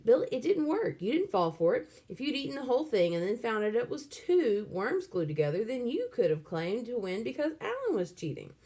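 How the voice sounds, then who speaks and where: Woman voicing a fast-talking arguing boy. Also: a little high, huge pitch swings, warm tone, breathy edge, pitched above the performer's own voice, exaggerated voice.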